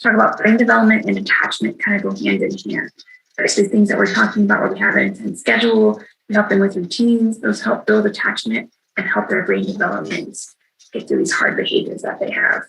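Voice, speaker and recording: A woman's voice: medium pitch, expressive, fairly quick, creaky, fairly bright tone, a little hiss or hum, poor audio. A woman giving a virtual training to caregivers in a conversational way, often checking in with "right?". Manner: conversational, frequent tag "right?". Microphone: video call.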